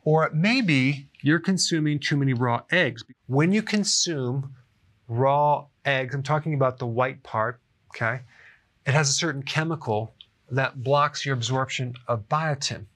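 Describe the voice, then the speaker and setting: A man's voice: medium pitch, unhurried, fairly bright tone. A middle-aged man giving a casual health explainer to camera, chatty and often checking in with "okay?". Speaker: health educator.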